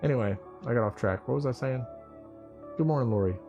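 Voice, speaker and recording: A man's voice: mid-range voice, fast talker, muffled recording. A man hosting a casual morning livestream, rambling, joking and swearing as he teases his viewers. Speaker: livestream host. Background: faint music.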